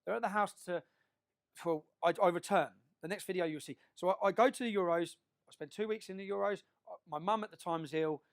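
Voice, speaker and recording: A man giving an emphatic public speech to an audience, often checking in with a quick question tag. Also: sits high, vocal fry. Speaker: public speaker.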